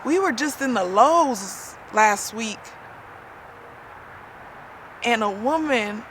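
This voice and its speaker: A woman's voice: fairly high pitch, lively intonation, takes it slowly, a bit bright, slight background noise. Woman telling a heartfelt story, chatty. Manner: chatty, with frequent "you know" fillers and laughter; heartfelt, spiritual testimony. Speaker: vlogger. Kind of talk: casual personal storytelling.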